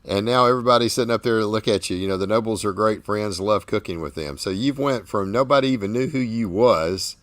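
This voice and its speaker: Deep-voiced Southern American man hosting. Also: a little fast, hardly any pauses, no room sound. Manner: folksy, rambling, repeats words. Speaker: host. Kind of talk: casual interview chat.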